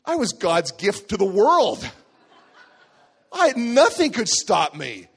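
A middle-aged man telling a lively personal story as a pastor in a sermon. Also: sits high, takes it slowly, creaky, slightly rough. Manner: lively, animated storytelling with acted voices.

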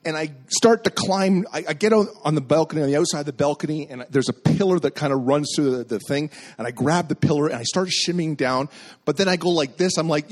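Animated storytelling pastor, fairly high voice. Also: male voice. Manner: animated storyteller acting out dialogue. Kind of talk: sermon with personal story.

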